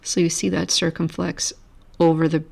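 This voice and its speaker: Low-voiced woman teaching Greek grammar. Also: normal speed, gravelly. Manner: relaxed, self-correcting explanations. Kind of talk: recorded lecture over screen.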